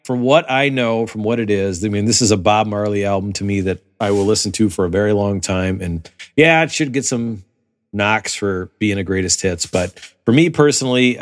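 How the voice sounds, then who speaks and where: A man co-hosting a podcast, talking slowly and thoughtfully with hesitations. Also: lowish voice, dry recording. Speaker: podcast co-host. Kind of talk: casual chat.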